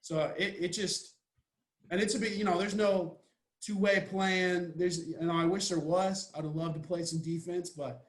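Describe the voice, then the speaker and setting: A young Texan man, a college football player, is a guest on a casual podcast interview. His voice sits high with fairly even intonation at a normal speed, and he comes across laid-back, rambling and joking, in a roomy-sounding space.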